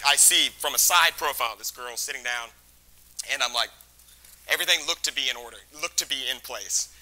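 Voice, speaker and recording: Animated man spinning a funny true story. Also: a little high, low-quality recording. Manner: animated, laughing between phrases; loose casual phrasing with lots of "like" and "you know". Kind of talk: comedic true-story telling.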